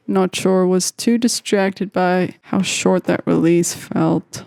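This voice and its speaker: A woman's voice: lowish voice, steady tone, slow pace, gravelly, darkish tone. A young woman chatting and giggling as she makes a beat in her home studio, talking to herself and to viewers. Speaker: beatmaker making a track on camera. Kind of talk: casual chat while making music.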